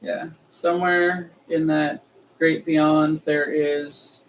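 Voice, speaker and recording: Animated woman storyteller, distant dull audio. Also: low-pitched, takes it slowly, a little hiss or hum. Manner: animated, acts out quoted voices, laughs often. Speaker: ritual leader and storyteller. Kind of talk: casual storytelling.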